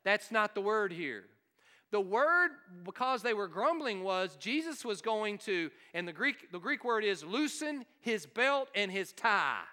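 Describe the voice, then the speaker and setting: A man's voice: sits high, sing-song, unhurried, sharp tone, in a large hall. A man preaching a sermon, emphatic and questioning his congregation. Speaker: pastor.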